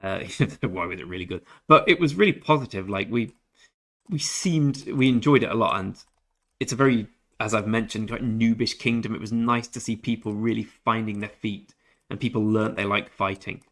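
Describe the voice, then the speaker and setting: Young English male game streamer, low-ish register, laid-back banter. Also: normal speed, a bit bright. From England. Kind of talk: casual livestream chat with viewers.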